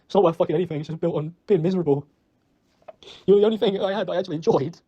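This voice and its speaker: Young British guy, choked up and self-blaming, mellow tone, talks in a fast spill. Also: high voice, slightly rough, highs cut off. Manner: rambling, self-reproaching, swears often. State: emotional, choked up. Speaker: ex-boyfriend leaving an apology message. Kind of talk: recorded personal voice message.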